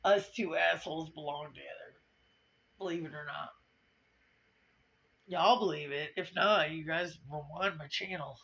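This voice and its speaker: A tearful woman pours her heart out in a confessional vlog, blunt and profane as she rambles. Her voice is bright and strained. The sound is dull and lo-fi, as from a low-quality video. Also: a little slow, creaky, pauses often. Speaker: vlogger.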